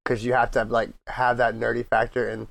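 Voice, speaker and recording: A man with a gravelly, creaky voice, chiming into a casual podcast chat with quick remarks. The sound is dry and close. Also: mid-range voice, monotone, a bit bright, dry recording. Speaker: podcast co-host.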